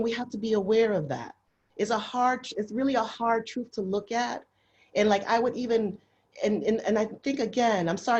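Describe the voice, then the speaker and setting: A woman's voice: medium pitch, a little mellow, dull audio. A woman speaking with passion on a webinar panel, often repeating herself. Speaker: nurse panelist. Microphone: video call.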